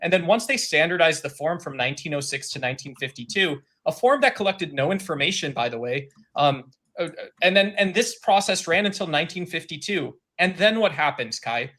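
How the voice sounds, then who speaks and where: Bright-voiced man grilling a debater. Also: on the high side, animated. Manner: halting, filler-heavy, accusatory. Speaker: caller asking a debater a question. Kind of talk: argumentative live stream call-in.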